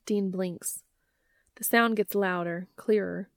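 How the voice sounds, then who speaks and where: Woman reading fan fiction out loud, kinda gravelly, close dry sound. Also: medium pitch, fairly even intonation, slow, no room sound. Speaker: narrator.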